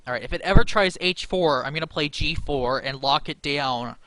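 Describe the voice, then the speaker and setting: A man's voice: fairly high pitch, normal speed, a bit bright, no echo. A young man talking himself through a chess game against the computer, anxious and laughing nervously at his own moves. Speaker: chess streamer. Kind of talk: live game commentary.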